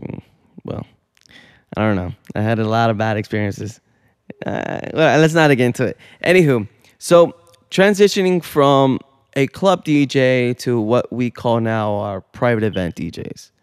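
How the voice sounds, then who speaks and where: A man hosting a relaxed studio conversation, his voice dry and close with no room around it. He leans into stories with animated energy, setting up questions for his guests. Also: mid-range voice, a little slow, smooth, no echo. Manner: storytelling, animated. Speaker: podcast host. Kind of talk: casual studio chat. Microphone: studio mic.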